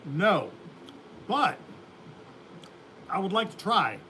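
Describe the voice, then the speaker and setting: A man's voice: high voice, sing-song, drawn-out words, pushed and bright, slight background noise. A man hosting a beekeeping livestream, chatting casually in a folksy, rambling way and laughing often. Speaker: beekeeping channel host.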